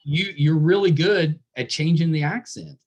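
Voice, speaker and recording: A man's voice: fairly high pitch, normal speed. A middle-aged man from West Virginia with a West Virginian accent, hosting a podcast interview in casual, jokey chat full of fillers and restarts. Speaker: podcast host.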